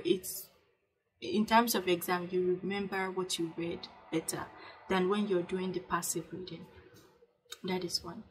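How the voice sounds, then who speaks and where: A woman's voice: mid-range voice, poor audio. A young woman vlogging casual self-help advice to camera, earnest and repetitive, with many fillers and restarts. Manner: coaching, urges viewers to speak aloud.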